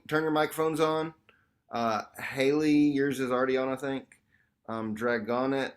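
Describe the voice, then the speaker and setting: A man leading a group workshop over a video call, talking casually and animatedly, calling the group "y'all". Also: medium pitch. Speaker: workshop facilitator. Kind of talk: online group workshop teaching.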